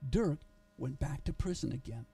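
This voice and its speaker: Earnest gravelly-voiced pastor telling a story. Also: male voice, fairly high pitch, lively intonation, dark tone, far from the mic, faint music behind. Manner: earnest storytelling, halting restarts. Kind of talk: sermon with a children's story.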